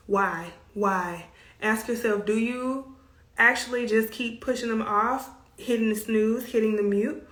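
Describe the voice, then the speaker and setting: A woman's voice: on the high side, measured pace, fairly bright tone. Chatty Southern woman coaching in echoey room. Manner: chatty, emphatic, playful asides. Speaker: self care coach and host. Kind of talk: casual advice monologue.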